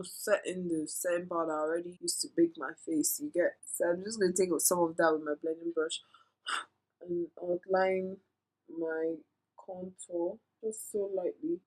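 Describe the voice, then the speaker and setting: A woman's voice: fairly low pitch, poor audio. A woman talking viewers through a makeup tutorial in a chatty, playful way, giving tips and drifting into asides. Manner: instructive, addresses viewers directly. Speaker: beauty vlogger.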